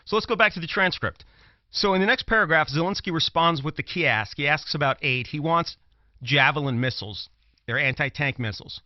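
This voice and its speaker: A former prosecutor from Brooklyn, New York, now a commentator, presses his point on a political talk show with emphasis and repeated lines. His voice runs on the high side and fairly quick, with no room sound in the dull, dry, lo-fi audio.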